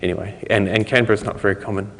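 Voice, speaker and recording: A man's voice: lowish voice, steady tone, fast talker. A man giving a technical conference talk, explaining ideas in a loose, conversational way, recorded in a conference hall. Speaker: conference speaker. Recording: long hall reverb.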